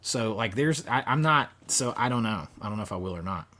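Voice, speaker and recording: Animated rambling man hosting a livestream. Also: lowish voice, fairly quick. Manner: rambling, many fillers and restarts. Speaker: livestream host. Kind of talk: casual live chat reading viewer comments.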